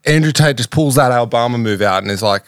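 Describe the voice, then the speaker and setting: A man's voice: mid-range voice, quick pace, dry recording, studio quality. A young man from Australia co-hosting a podcast, talking in insistent, rambling casual banter and repeating his points. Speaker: podcast co-host.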